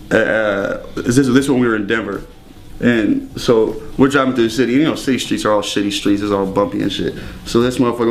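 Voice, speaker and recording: A young man telling stories casually in an interview, swearing often and laughing between lines. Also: medium pitch. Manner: profane, rambling, laughs often. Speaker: interview guest. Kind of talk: casual storytelling.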